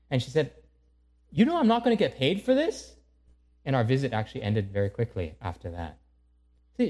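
A man's voice: mid-range voice, darkish tone. A man preaching a conversational sermon full of rhetorical questions.

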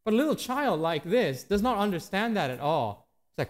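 A man in his thirties preaching a sermon to his church, animated and rising and falling in pitch and volume. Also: normal speed. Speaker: pastor.

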